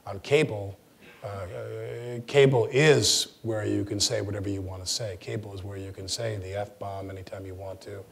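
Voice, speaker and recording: Animated man telling stories, stammering. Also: lowish voice, moderate pace, vocal fry. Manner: animated storyteller with stammered restarts. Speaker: guest actor. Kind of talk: anecdotal chat with an audience. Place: lecture forum before an audience.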